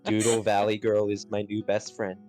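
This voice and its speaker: A woman with an extremely low voice joins a group stream, tossing in dry, deadpan quips. Faint music plays behind her. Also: normal speed. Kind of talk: casual group chat on a stream.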